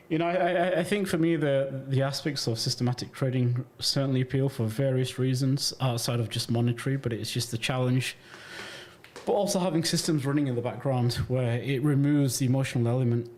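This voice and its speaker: A man hosts a casual livestream chat in a voice of middling pitch. He speaks bluntly in long, rambling sentences and swears casually. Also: a little mellow. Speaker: host.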